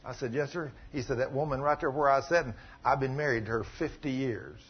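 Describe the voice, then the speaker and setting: A man preaching a sermon, telling a story and acting out the voices in it, with sudden loud bursts. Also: medium pitch, fast talker, husky. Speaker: pastor. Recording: muffled lo-fi sound.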